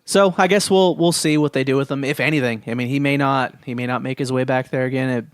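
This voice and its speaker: A man co-hosting a podcast, talking in an easy, matter-of-fact way and moving the chat from one topic to the next. His voice sits at an ordinary middle pitch. The sound is dry and close, with no room around it. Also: steady tone, quick pace, clean tone, dry recording. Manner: steers the topics, laid-back and matter-of-fact. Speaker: podcast co-host.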